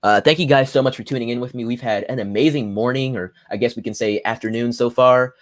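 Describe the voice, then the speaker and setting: A young man hosting a solo political livestream, swinging from loud angry rants to low muttered asides as he reads articles aloud. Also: fast, no room sound, studio quality. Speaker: livestream host. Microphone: phone or computer mic at a desk.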